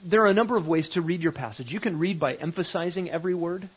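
A man teaches a Bible study in a loose, conversational way, leaning on repeated phrases to make his point. His voice sits a little high and has a breathy, husky edge. The recording sounds muffled and lo-fi. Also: quick pace. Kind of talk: live teaching session. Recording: dull lo-fi recording.

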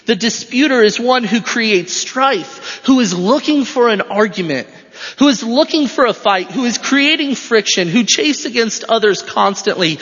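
A high-pitched male pastor delivers an emphatic sermon and drives his points home through repetition. His voice rings out with a long hall reverb, and the recording sounds dull and lo-fi. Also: fairly bright tone, breathy edge. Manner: emphatic, repeats phrases for stress. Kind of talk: expository sermon.

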